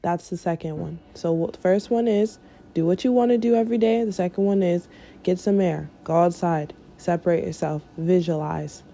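A woman's voice: on the low side, normal speed, gravelly, dark tone, slight background noise. A woman vlogger giving an earnest, casual motivational talk, repeating phrases for emphasis and laughing often.

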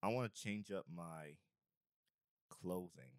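A man's voice: sits low, slow pace, no room sound, clean studio sound. A man co-hosting a podcast, chatting casually with playful trash talk and a laid-back speech style. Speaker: podcast co-host. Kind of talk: casual chat.

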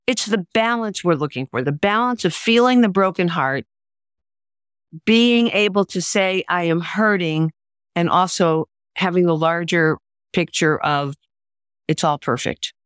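An older woman on the low side speaks a little slowly, her tone clear and resonant in a dry, clean studio recording. A memoir author and writing teacher, she recounts personal stories in an interview with earnest emphasis, acting out the voices of people she quotes.

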